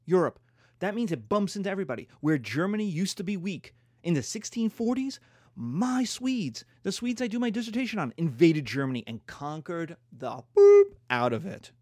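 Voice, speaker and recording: Animated man lecturing on history. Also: high-pitched, no room sound, clean studio sound. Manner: playful, acts out nations in silly voices.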